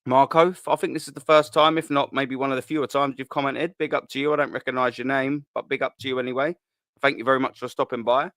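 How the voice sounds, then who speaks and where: Chatty lad streaming fan banter. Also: male voice, medium pitch, level tone, quick pace, a bit bright, no room sound, studio quality. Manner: chatty, laddish banter, repeats phrases, laughs often. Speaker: host of a live fan show. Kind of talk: casual live-stream chat reading viewer comments.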